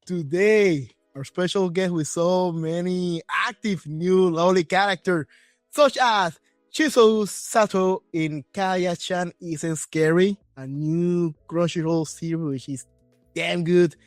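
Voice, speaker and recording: Excited high-voiced male podcast host. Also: slow pace, dry recording, studio quality, faint music behind. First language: Spanish. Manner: excited, chatty, rephrases often. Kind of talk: casual interview chat.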